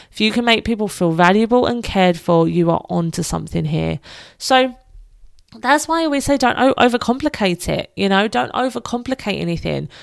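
A woman's voice: medium pitch, creaky, clean tone, dry recording, clean studio sound. A woman hosting a solo podcast, talking earnestly and encouragingly and asking lots of rhetorical questions. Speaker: podcast host. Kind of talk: solo motivational podcast talk.

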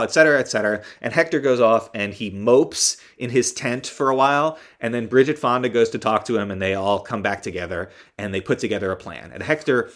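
A man's voice: mid-range voice, fairly quick, hardly any pauses. A man hosting a podcast who recaps a movie in a casual, rambling, joking way, correcting himself as he goes. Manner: rambling, joking, with many ums and self-corrections. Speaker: podcast host.

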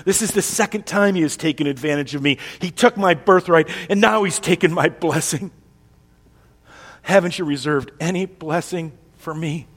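A man voicing a desperate, tough grown hunter who pleads in a loud, raised voice. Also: a little high, normal speed, pitched above the performer's own voice, natural voice. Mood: bitter. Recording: long reverb of a large hall.

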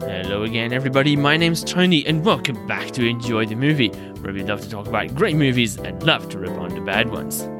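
A man's voice: mid-range voice, expressive, a little fast, hardly any pauses, loud music behind the voice. A young man hosting a movie review show, speaking casually and hesitantly, with many fillers and self-corrections. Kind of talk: casual spoken film review.

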